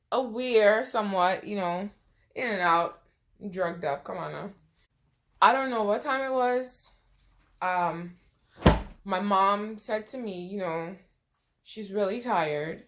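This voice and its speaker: A woman's voice: mid-range voice, a bit bright. A woman in a casual storytime vlog, talking conversationally with many "you know" asides and sounding emotional, close to tears at times. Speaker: vlogger.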